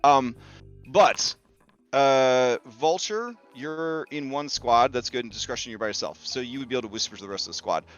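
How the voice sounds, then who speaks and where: A man's voice: mid-range voice, normal speed, a bit bright, soft background music. A man game master narrating a tabletop game on stream in a chatty way, full of fillers. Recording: dull lo-fi stream audio.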